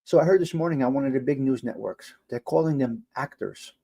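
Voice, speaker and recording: A man's voice: brisk, gravelly, dark tone, slightly rough. An older man hosting a casual live stream, given to exasperated, incredulous rants. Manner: exasperated, incredulous rants that jump high in pitch. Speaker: livestream host.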